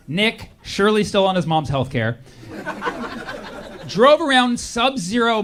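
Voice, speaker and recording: A young man doing a stand-up comedy set, sarcastic, jumping into quick acted-out voices. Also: sits high. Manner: sarcastic, acts out characters in quick bursts. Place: comedy stage with a laughing audience.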